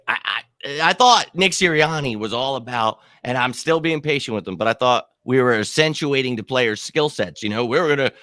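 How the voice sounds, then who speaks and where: A man's voice: a little high, bright, forceful tone, no room sound, studio quality. A man in casual sports podcast chat, talking emphatically and heatedly like a passionate fan. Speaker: podcast co-host.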